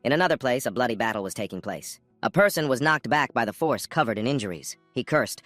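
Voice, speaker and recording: A man's voice: medium pitch, expressive, fast, hardly any pauses, fairly bright tone, no echo, soft background music. A man narrating a comic story recap in a scripted way, jumping into character lines now and then.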